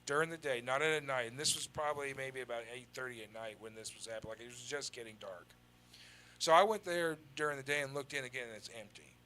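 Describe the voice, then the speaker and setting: A man's voice: mid-range voice, fast, slight background noise. A man telling a long story in casual, swearing talk, acting out the lines of the people in it. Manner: animated, acts out quoted dialogue.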